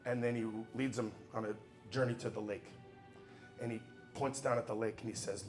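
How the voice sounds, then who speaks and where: A man in the middle of a motivational speech on stage, with a voice of ordinary middle pitch for a man. He preaches emphatically, slipping into hushed asides and then climbing to loud, driving calls. Faint music sits behind him. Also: fairly even intonation, a little fast. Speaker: motivational speaker.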